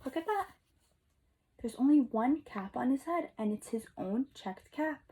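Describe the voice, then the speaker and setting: A woman teacher reading a picture book aloud to young children, expressive and asking them questions, dropping to whispers for asides. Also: fairly high pitch, normal speed, slightly rough, poor audio. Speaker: kindergarten teacher.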